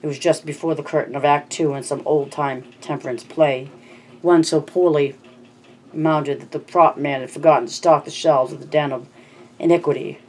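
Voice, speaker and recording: An amateur audiobook narrator reads a novel aloud in a middling pitch, now and then stumbling and restarting a word. Faint background noise runs under the reading. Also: steady tone, moderate pace, a little mellow, poor audio. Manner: reads with frequent slips and restarts.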